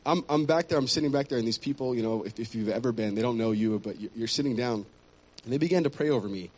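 A man's voice: mid-range voice, fast talker, a little mellow. A man giving an earnest personal testimony in church, often restarting and repeating words.

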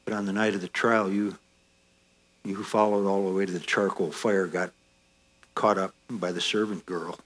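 A man's voice: sits low, little pitch movement, normal speed, a bit bright. A man preaching a sermon, speaking straight to his listeners with repeated rhetorical questions. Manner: earnest, direct address with rhetorical questions.

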